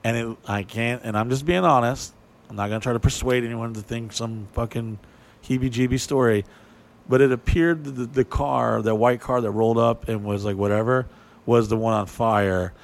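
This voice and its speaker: A man casually telling a story, animated and profane, acting out what people said in a raised voice. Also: mid-range voice, normal speed, gravelly.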